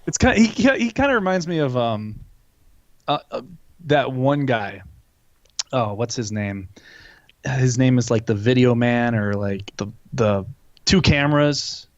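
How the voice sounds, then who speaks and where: A man's voice: mid-range voice, expressive, measured pace, dry recording. Rambling, swearing young man on a lo-fi mic. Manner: rambling and profane, with many restarts. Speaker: podcast host. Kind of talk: casual chat.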